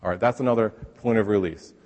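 A man preaching a sermon in a relaxed, conversational way, sometimes acting out the voices he quotes. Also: fairly low pitch, brisk, in a large hall. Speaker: pastor.

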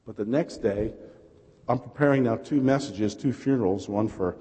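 Male New York preacher, mid pitch, passionate storyteller, big reverberant church. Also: normal speed, warm tone, slightly rough. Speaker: pastor. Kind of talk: sermon. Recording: reverberant hall.

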